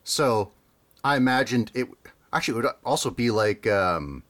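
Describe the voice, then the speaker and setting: Male podcast co-host, animated delivery, rambling, laughs easily. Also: mid-range voice. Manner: rambling, amused, quick laughs, many fillers. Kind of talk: casual chat.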